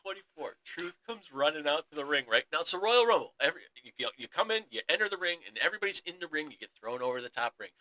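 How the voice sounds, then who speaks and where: A young man co-hosting a sports podcast, excitedly retelling a wrestling story in casual chat and acting out the quotes. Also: a little high, fast, few pauses, rough recording. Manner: excited storytelling, acts out quotes, laughs often. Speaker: podcast co-host.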